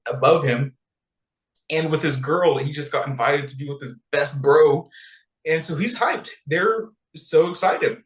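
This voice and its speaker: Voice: medium pitch, reverberant, poor audio. A podcast co-host retelling a text in a playful, chatty way and laughing often. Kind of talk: casual chat, retelling a text.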